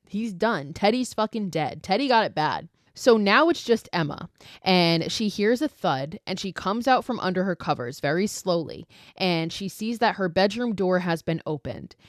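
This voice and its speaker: A woman hosts a podcast and retells a horror movie scene by scene, swearing and adding her own asides. Her voice sits low for a woman. The recording is dry and close, with no room sound. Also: dry recording. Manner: profane, animated storytelling with asides. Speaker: podcast host. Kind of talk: casual movie recap.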